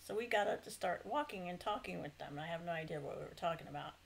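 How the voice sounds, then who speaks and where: A middle-aged woman shares a personal dream story in a loose, chatty way. Her voice has a gravelly edge, and she keeps circling back with fillers and self-corrections. A faint hiss sits under the recording. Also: fairly low pitch, lively intonation, fast, rough recording. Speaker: speaker recounting a dream. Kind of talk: casual personal testimony.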